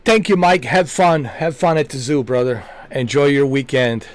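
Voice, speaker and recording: A gaming streamer rambles casually while he plays, cracking jokes and laughing often. His voice sits at a medium pitch and he talks at a normal speed.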